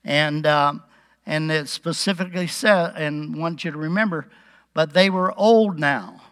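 A man preaching a relaxed Bible-teaching sermon, chuckling now and then and acting out the quotes. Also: a little high, a little slow.

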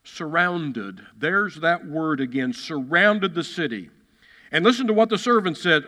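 A man's voice: on the high side, expressive, a little slow, bright, forceful tone. A man preaching a sermon as a pastor, emphatic, repeating key phrases and acting out the quotes he reads. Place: church sanctuary. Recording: long hall reverb.

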